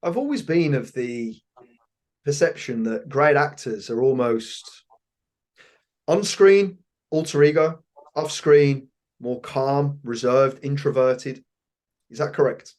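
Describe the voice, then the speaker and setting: A man's voice: mid-range voice, animated, takes it slowly, pauses often, a little mellow. A British man hosting a podcast interview, talking with enthusiasm and repeating phrases for emphasis. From Britain. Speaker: podcast host. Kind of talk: casual interview chat.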